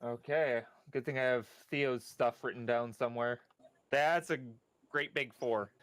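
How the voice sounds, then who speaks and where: A man's voice: mid-range voice, a little slow, fairly bright tone, smooth. A man as a player in a tabletop role-playing game, casually describing what his characters do.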